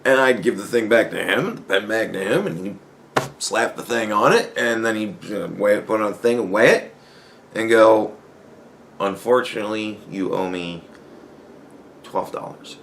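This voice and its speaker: A man's voice: lowish voice, moderate pace, creaky, fairly bright tone, slight background noise. A man hosting a podcast, ranting casually in a profane, rambling way and laughing between points. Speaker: podcast host. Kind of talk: casual solo commentary rant.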